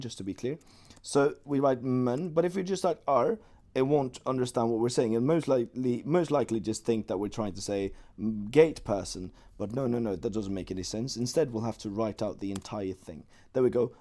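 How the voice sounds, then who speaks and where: A man's voice: medium pitch, dark tone. Playful male teacher. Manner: playful, joking asides while explaining slowly. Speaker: Chinese language teacher. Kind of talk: online language lesson.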